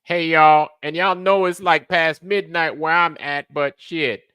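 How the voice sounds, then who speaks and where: A man's voice: fairly high pitch, steady tone, unhurried, pushed and bright, clean tone, no echo. A man hosting a late-night livestream, rambling casually and profanely while answering viewers in the chat. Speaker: livestream host.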